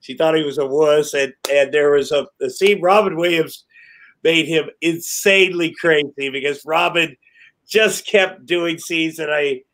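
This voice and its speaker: A man on a podcast as a guest, telling rambling, animated stories, swearing and laughing as he goes. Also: a little high, a little slow, poor audio. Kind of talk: casual chat.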